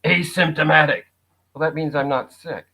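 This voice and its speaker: A man's voice: medium pitch, animated, moderate pace, a bit bright. A man guesting on a talk show, speaking casually and wryly with a sarcastic edge. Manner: wry, sarcastic, laughs at his own jokes. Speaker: guest, actor and writer. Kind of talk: casual conversation. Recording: dull lo-fi sound.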